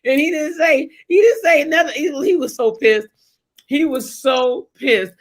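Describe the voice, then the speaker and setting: A high-voiced woman hosts a relaxed talk show. She tells stories with energy, acts out the people in them loudly, and laughs a lot. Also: unhurried. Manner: animated, shouts when quoting people, laughs often. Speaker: host. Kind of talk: casual storytelling chat.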